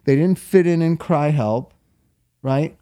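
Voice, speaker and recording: A man's voice: a little high, takes it slowly, dark tone. A man in casual conversation, telling rambling stories and swearing freely. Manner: profane, rambling storyteller. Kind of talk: casual chat.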